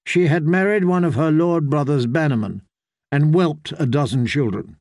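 A man narrating a dark fantasy tale in a measured storytelling voice. His pitch sits a little high for a man, and the recording is dry and close. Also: no echo. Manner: measured storytelling, voicing characters. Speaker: audiobook narrator.

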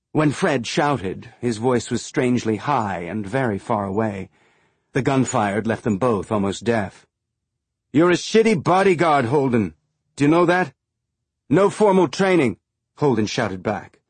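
A man reading an audiobook in steady, measured scripted narration. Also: lowish voice, slightly rough, no room sound.

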